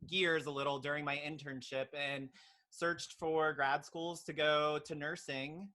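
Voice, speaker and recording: A man's voice: on the high side, steady tone, unhurried, bright, forceful tone. A young man, a pediatric nurse, talking earnestly as a podcast guest, with lots of ums and likes. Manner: earnest, filler-heavy storytelling. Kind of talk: casual interview chat.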